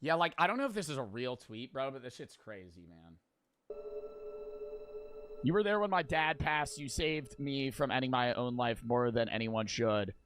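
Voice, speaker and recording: A man's voice: medium pitch, lively intonation, normal speed, fairly bright tone, faint music behind. A young man who streams, talking bluntly and casually with lots of fillers and swearing. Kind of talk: casual storytelling and reflection.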